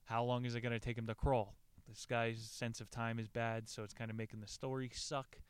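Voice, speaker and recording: A man with a smooth, clear voice retells a survival story in a loose, irreverent way. He jokes and swears freely, and his voice sounds close and dry. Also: mid-range voice, level tone, fairly quick, no room sound. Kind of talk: casual retelling with quoted readings.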